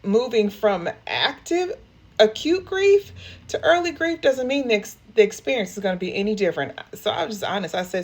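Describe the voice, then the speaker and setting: A woman's voice: medium pitch, lively intonation, normal speed. A woman who works as a grief counselor, speaking candidly and emotionally to her viewers and often calling them y'all. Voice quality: emotional, open, addresses listeners as y'all. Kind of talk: candid personal talk to viewers.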